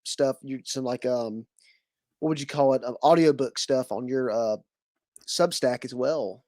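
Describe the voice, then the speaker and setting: Man, Southern US accent, podcast host, rambling, restarts often, mid-pitched voice, dry close sound. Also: a little slow, a little mellow, no echo. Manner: rambling, many fillers and restarts. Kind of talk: casual conversational interview.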